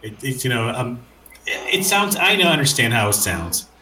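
A man's voice: mid-range voice, sing-song, moderate pace, sharp tone, reverberant, slight background noise, low-quality recording. A man hosting a casual conversation, enthusiastic and rambling, with frequent hesitations.

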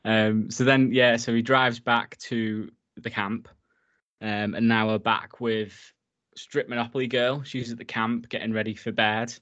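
A man's voice: mid-range voice, level tone, measured pace, fairly bright tone, highs cut off. A man casually recapping a horror film for his co-host, enthusiastic and swearing freely. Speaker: podcast co-host.

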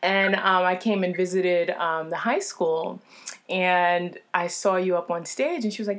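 Woman host, casual chat, effusive and animated, breaks into laughter often. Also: fairly low pitch, unhurried, slight background noise.

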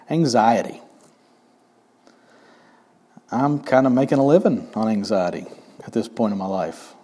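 A man preaching a sermon in a relaxed, wry tone, often asking his listeners questions. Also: mid-range voice. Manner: conversational, wry, asks the congregation questions. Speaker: pastor.

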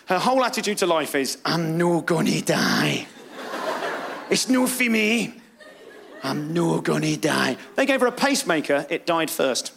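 A British man doing a live stand-up set on a club stage, self-mocking and lively, acting out voices as he talks. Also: sits high, noisy background. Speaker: stand-up comedian.

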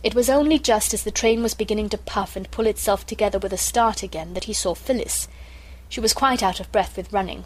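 Wanita membacakan cerita klasik. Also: female voice, mid-range voice, steady tone, brisk, rough recording. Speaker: narrator. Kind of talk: scripted storybook narration.

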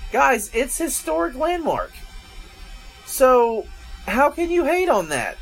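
A man from Georgia, hosting a casual food review and chatting to viewers as folks and guys. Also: very high voice. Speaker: food reviewer, show host.

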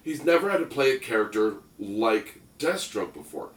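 A man's voice: fairly low pitch, very animated, moderate pace. A man co-hosting a casual chat, joking and rambling with lots of "like". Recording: roomy echo, distant mic.

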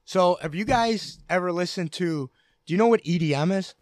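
A man's voice: sits high, normal speed, dry recording, clean studio sound. A man telling a casual story to friends in a laid-back, swearing way. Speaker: contestant.

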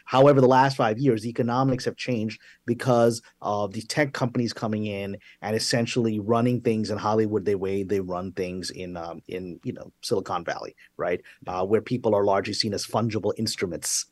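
A man's voice: lowish voice, steady tone, brisk, few pauses, dry recording. A man who writes and produces for the screen, a guest explaining things in a friendly, articulate way. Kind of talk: conversational interview.

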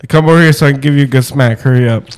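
A man's voice: mid-range voice, rapid-fire, clean tone. A man co-hosting a podcast, joking and teasing in slangy casual talk. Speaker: podcast co-host.

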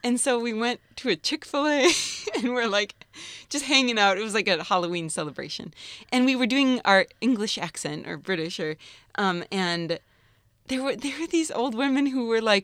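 A woman voice actor chatting in an interview, bubbly and animated, laughing often. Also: fairly high pitch, a little fast, dry recording, clean studio sound. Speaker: voice actor guest. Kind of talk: casual interview chat.

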